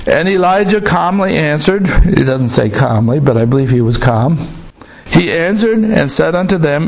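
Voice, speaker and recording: A man preaching a sermon, slowly retelling a scripture story with emphatic asides to the congregation. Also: fairly high pitch, vocal fry.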